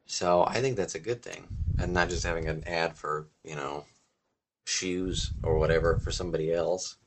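A man's voice: low-pitched, steady tone, moderate pace, noisy background. A man co-hosting a podcast in casual chat who cracks wry, dry jokes. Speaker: podcast co-host.

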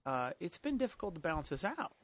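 A high-voiced man chatting as a podcast co-host, swinging up and down in pitch. He is excitable and jokey, and his voice sounds close and dry. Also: fast, no room sound. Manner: excitable, jumps into high mock outbursts. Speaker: podcast co-host, webcomic creator. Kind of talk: casual chat.

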